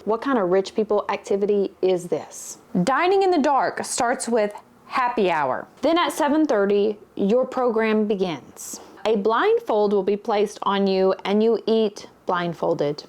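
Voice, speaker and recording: A woman's voice: mid-range voice, expressive, measured pace, a little mellow. A woman vlogger telling wry, sardonic stories in a casual monologue while she works on a craft.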